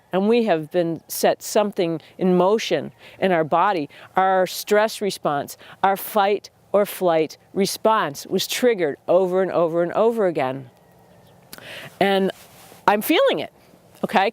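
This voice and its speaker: Lady host, earnest and a bit choked up, smooth clear voice, super dry close sound. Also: medium pitch, no room sound. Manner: earnest, reflective, with pauses and restarts. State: emotional. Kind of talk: personal talk to camera.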